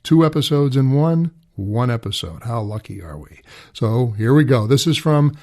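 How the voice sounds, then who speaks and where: Male podcast host, casual and playful intro, average pitch. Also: animated, normal speed, a little mellow. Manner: chatty, playful.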